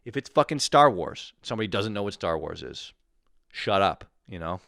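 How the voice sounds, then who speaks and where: A man hosting a comedy podcast, ranting in a crude, profane way, sweaty and tired after a run, often jumping into high mocking voices. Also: sing-song, moderate pace, creaky, fairly bright tone, no room sound, studio quality.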